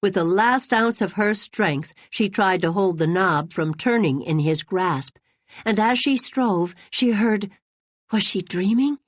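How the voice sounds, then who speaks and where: A woman reading a novel aloud as an audiobook narrator, in an expressive, dramatic storytelling manner. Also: medium pitch, no room sound. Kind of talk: scripted narration.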